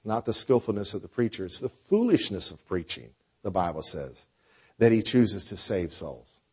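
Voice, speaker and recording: A man preaching a sermon with a conversational style, dropping to quiet lines and rising to loud, drawn-out phrases. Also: lowish voice, animated, slightly rough. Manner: preacher with a dynamic delivery, swinging between soft and loud. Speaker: pastor.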